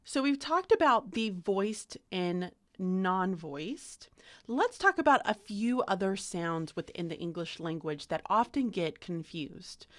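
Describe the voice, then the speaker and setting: A woman's voice: on the low side, fairly bright tone. A young adult woman teaching phonics to camera, speaking carefully and sounding out letters as she demonstrates. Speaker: literacy teacher.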